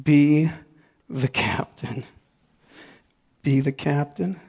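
A man preaching a sermon, telling a story with lively acted-out inner dialogue and frequent laughter, then leading a prayer. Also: on the high side, extremely slow, slightly rough. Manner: animated, acts out inner dialogue, laughs often. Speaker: pastor.

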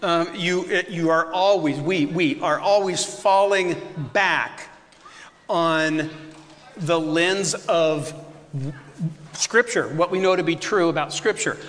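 Bright, high-voiced man in a reverberant room. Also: slow. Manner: acts out voices in lively bursts, laughing often. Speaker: teacher answering questions. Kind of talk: animated Q&A discussion.

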